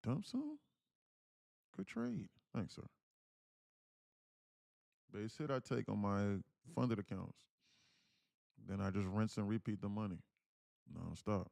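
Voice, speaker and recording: A man's voice: steady tone, measured pace, gravelly, long pauses, a little mellow, no room sound, clean studio sound. A young man streaming live as a day trader, talking through his trades and chatting with his viewers. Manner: chatty, thanks viewers, switches to a higher put-on voice when reading comments. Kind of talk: live trading commentary.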